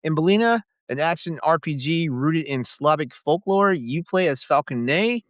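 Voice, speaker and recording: A man's voice: on the high side, lively intonation, normal speed, no room sound, clean studio sound. A man co-hosting a gaming podcast, casually chatting and reading out game descriptions with small stumbles. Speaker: podcast co-host.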